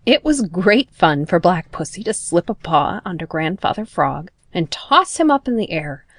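A woman reads a children's storybook aloud in a gentle, expressive way. Her voice is on the low side for a woman. The recording is dry and close. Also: moderate pace, no echo. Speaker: narrator. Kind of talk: storybook narration.

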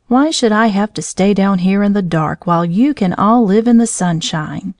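A woman's voice: medium pitch, normal speed, a little mellow, dry recording, studio quality, lightly acted. A woman voicing a discontented little female plant root in a storybook, complaining and self-pitying.

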